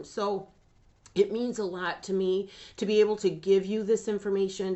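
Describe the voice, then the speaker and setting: A woman's voice: medium pitch, a little mellow, highs cut off. A woman hosting a dog training channel, talking earnestly and emotionally to camera and getting choked up about the dogs. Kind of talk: emotional direct-to-camera talk.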